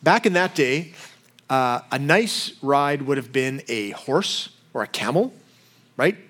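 A man's voice: medium pitch, animated, takes it slowly, fairly bright tone. A man preaching a sermon in a conversational way, often asking rhetorical questions. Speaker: pastor.

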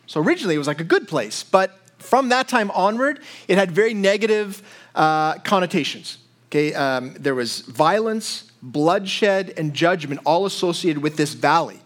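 A pastor with a notably high voice preaches a sermon. He teaches in a chatty way, breaking off to check in with his listeners. The delivery stays casual and explanatory. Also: a bit bright. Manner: conversational teaching with frequent asides and acted quotes.

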